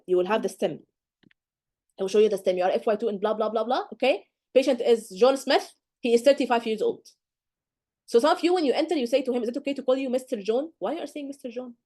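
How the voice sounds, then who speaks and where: A woman teaching a class of medical exam candidates, her voice pitched a little high yet mellow and warm. She speaks emphatically and keeps checking that her students follow along. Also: expressive, quick pace. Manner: emphatic, keeps checking understanding with "okay?" and "do you get?". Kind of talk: live lecture to students.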